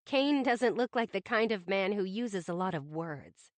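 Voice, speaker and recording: A woman's voice: medium pitch, expressive, measured pace, no room sound, lightly acted. A woman doing a gossipy teasing girlfriend. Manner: nosy, playful, sarcastic. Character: gossipy, teasing young woman friend on the phone.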